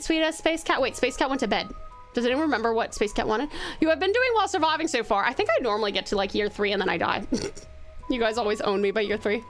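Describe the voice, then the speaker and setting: An Australian woman streaming a game, chatting warmly with viewers and reading the game's narration. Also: a little high. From Tasmania, Australia. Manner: bubbly and affectionate with chat.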